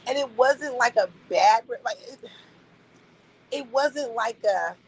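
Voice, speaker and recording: Gravelly, husky woman venting bluntly. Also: fairly high pitch, takes it slowly, low-quality recording. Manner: blunt, incredulous, repeats points for emphasis. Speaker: live streamer. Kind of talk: casual venting to a live stream chat.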